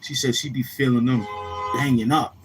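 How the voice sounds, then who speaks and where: A man telling casual stories in a slangy, rambling way, often repeating himself and acting out other people in a higher voice. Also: fairly even intonation, moderate pace, a little hiss or hum. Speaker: YouTuber. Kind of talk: casual street-talk storytelling.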